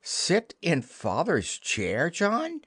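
A man's voice: medium pitch, expressive, a little slow, no room sound, clean studio sound, pitched above the performer's own voice, natural voice. A man voicing a prim young girl who plays a fussy mother to a band of boys, with a proper, scolding manner.

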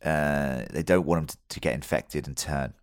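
A man's voice: extremely low pitch, normal speed, clear, resonant tone, dry recording, studio quality. A man hosting a podcast, telling a story loosely with plenty of fillers and the odd swear word. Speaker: podcast host. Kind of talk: casual podcast chat.

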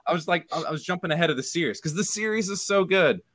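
Man, casual movie chat, lively pitch, easygoing, self-correcting. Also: quick pace.

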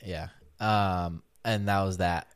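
A man's voice: sits low, fairly even intonation, slow pace, clean tone. A man telling rambling, profane anecdotes in casual podcast chat. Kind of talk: casual storytelling.

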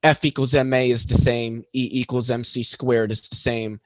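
A man in a live online debate, explaining physics with many halting restarts. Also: medium pitch, little pitch movement, no echo, poor audio. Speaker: debate guest.

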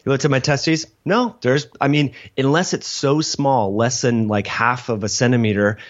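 A man telling a long personal story in casual interview chat, rambling and animated, acting out what people said. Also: mid-range voice, normal speed, dull audio. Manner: rambling, animated, lots of "like" and acted-out quotes. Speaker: guest.

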